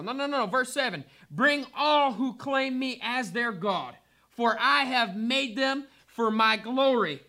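A man's voice: very high voice, lively intonation, measured pace, pushed and bright. A pastor preaching a fervent sermon, a man building emphatic repeated lines.

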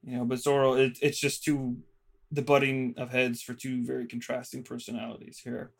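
A man in a relaxed podcast recap, talking at an ordinary middle pitch. He rambles through the story with lots of "like" and "you know," tossing off quick paraphrased lines as he goes. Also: vocal fry. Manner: loose storytelling with many fillers and quick paraphrased quotes. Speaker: podcast co-host. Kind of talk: casual episode recap.

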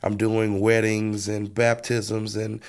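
Male pastor, interview guest; earnest testimony, low and fry-heavy, restarts and repeats words. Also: completely flat delivery, slow. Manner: earnest storytelling, repeats words as he restarts, acts out his own past words.

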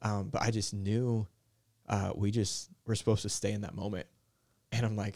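A young man, a worship leader, talking in a soft, mellow, easygoing way in a casual podcast chat, with lots of "like" and "you know". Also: on the low side, flat delivery, moderate pace, vocal fry. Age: young adult. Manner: soft-spoken, mellow, filler-heavy.

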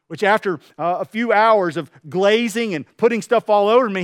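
A man preaching a sermon to a room, telling a parable with lively acted-out voices. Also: sits high, a little fast, hardly any pauses, no echo, clean studio sound. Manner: animated storytelling, acting out voices. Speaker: pastor. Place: room with an audience.

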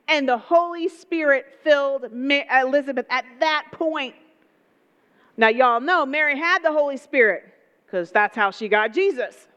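A woman preaching a sermon, telling the story in a lively way with folksy asides. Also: sits high, long reverb tail, dull audio.

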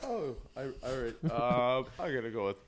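A man in a casual podcast chat, answering with dry, teasing humor in a low-key way. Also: animated, moderate pace, crowd noise.

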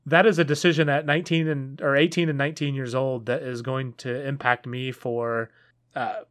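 A man's voice: medium pitch, flat delivery, normal speed, a bit bright. Rambling man on a casual podcast. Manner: rambling, self-correcting, laughs often. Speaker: podcast co-host.

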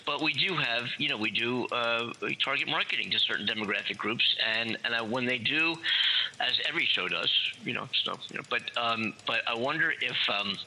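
A man's voice: mid-range voice, fairly quick, pushed and bright, rough recording. A man co-hosting a casual radio chat show, playful and rambling, drifting into asides. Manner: playful, breaks into singing snippets and rambling asides. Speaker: co-host.

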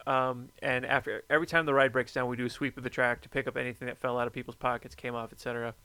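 A man chatting casually, telling a story with lively energy and plenty of swearing. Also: mid-range voice, fast talker, gravelly, clear, resonant tone, no echo. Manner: animated storyteller, swears freely. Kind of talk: casual chat.

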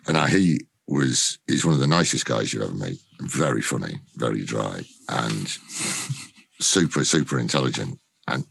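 A middle-aged actor telling a rambling, sweary anecdote as an interview guest. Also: male voice, rumbling low, vocal fry, breathy edge, dry recording. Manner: swears freely, rambling storyteller.

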